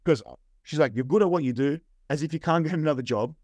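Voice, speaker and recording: An Australian man, a young adult guest, telling lively anecdotes in casual chat, often tagging lines with "right?" and acting out what people said. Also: fairly high pitch, quick pace, no room sound. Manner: animated anecdotes with "right?" and "I'm like". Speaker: interview guest. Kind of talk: casual storytelling.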